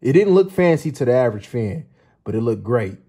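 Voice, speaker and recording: A man hosting his own channel, giving an excited football film breakdown, laughing often and repeating his points for emphasis. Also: mid-range voice, fairly quick, breathy edge. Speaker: sports channel host.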